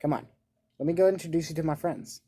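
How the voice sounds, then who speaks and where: An eager, friendly teenage boy, read by a man in a casual story. His lines come out light and upbeat, with an even pace. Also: fairly high pitch, quick pace, pitched above the performer's own voice, natural voice.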